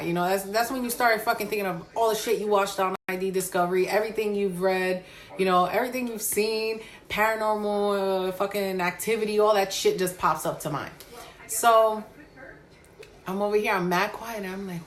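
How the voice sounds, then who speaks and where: A woman's voice: mid-range voice, a little fast, a little hiss or hum. Foul-mouthed woman telling a spooky story. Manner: profane, animated storytelling. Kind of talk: casual storytime.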